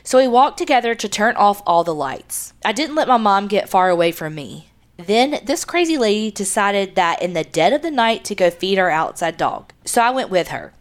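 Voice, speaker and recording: A woman's voice: mid-range voice, very animated, normal speed. Woman podcast host reading letters. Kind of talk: reading listener letters aloud.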